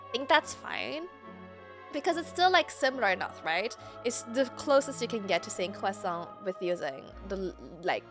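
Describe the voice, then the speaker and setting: A woman's voice: high voice, a bit bright. A woman streamer whose first language is French, chatting casually and rambling over a game she is playing. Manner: chatty, rambling, laughs easily. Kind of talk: casual gameplay commentary.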